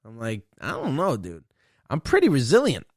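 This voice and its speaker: A man's voice: medium pitch, wildly swooping pitch, normal speed, breathy edge, no echo, studio quality. A young man hosting a solo podcast, ranting in a profane, boastful, rambling way. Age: young adult. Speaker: podcast host.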